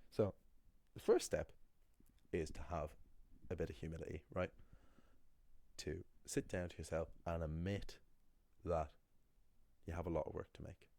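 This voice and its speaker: A man teaching pronunciation in a casual video lesson, talking in an animated way and acting out the voices he quotes. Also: low voice, unhurried. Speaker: language teacher.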